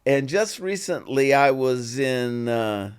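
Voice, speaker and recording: With a clean, mid-range voice and a slow delivery, an older actor appearing as an interview guest tells casual anecdotes. He gets animated, acting out the dialogue in assorted voices.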